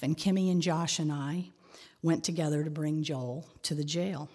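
A middle-aged woman telling a personal story in a prayerful, expressive way, sometimes dropping to a whisper. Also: sits low, measured pace, long reverb tail. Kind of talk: devotional reflection and personal storytelling.

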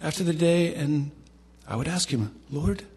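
A man voicing a gentle, soft-spoken older male preacher with an Indian accent, told slowly and earnestly. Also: a little high, lively intonation, breathy edge, voice pushed up, exaggerated voice.

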